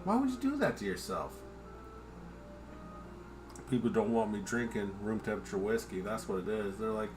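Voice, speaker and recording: A man's voice: fairly low pitch, sing-song, moderate pace, long pauses, noisy background. A man rambling casually on a home livestream while drinking, joking at his own expense, swearing freely and chatting to his dog. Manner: rambling, profane, self-deprecating. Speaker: livestream host.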